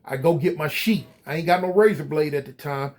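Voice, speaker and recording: Guy with a pretty high voice telling a story to the camera, slangy and animated, talks right at viewers. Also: a little fast. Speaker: storyteller recounting prison life.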